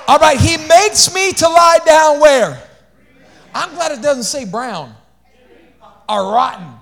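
Pastor, male, very high voice; animated sermon delivery, loud shouted peaks dropping to hushed asides. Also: takes it slowly, vocal fry, long pauses. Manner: animated preaching, shifts between shouting and hushed asides, call-outs to congregation.

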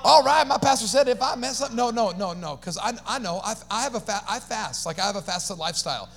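A man with a high voice preaches an energetic sermon as the pastor. He calls on the congregation to answer and repeat after him, and breaks into casual, slangy asides. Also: a little fast, creaky, a little hiss or hum. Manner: animated preaching with call-and-response to the congregation.

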